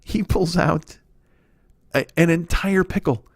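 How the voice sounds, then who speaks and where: A man in his forties hosting a comedy podcast, telling a story in a profane, animated, exaggerating way. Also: fairly high pitch, takes it slowly, no echo, studio quality. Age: 40s.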